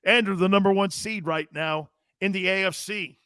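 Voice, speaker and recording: A middle-aged man hosts a sports talk show, hollering his opinions loudly, swearing freely and emphatically repeating the same catchphrases. His voice is high and steady at a moderate pace, with a clean, studio-quality sound and no room noise.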